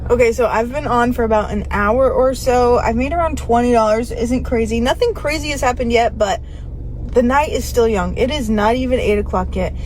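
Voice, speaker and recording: A woman's voice: a little high, moderate pace, poor audio. A woman rideshare driver telling a story in a casual vlog from her car, blunt and emotional, swearing freely. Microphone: phone held in hand. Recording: loud road noise behind.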